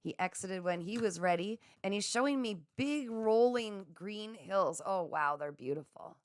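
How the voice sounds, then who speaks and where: Gentle, soothing woman psychic host. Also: mid-range voice, animated, no room sound, studio quality. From Canada. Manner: gentle, affirming, slow and soothing. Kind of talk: live spiritual chat reading viewer comments.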